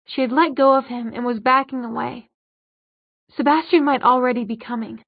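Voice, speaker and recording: A woman narrating a novel as an audiobook, reading in a steady, even storytelling manner. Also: a little high, normal speed, gravelly, dry recording. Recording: dull lo-fi audiobook recording.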